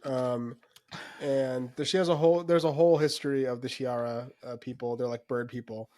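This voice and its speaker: A man's voice: medium pitch, fairly even intonation, moderate pace, a little mellow. Hesitant male podcast co-host. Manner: hesitant, lots of ums. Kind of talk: casual chat.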